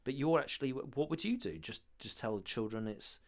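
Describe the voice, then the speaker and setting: A man's voice: mid-range voice, a little fast. A man from the south of England co-hosting a casual podcast, rambling through stories with frequent laughter. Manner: rambling, laughs often, animated storytelling. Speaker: podcast co-host. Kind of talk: casual chat.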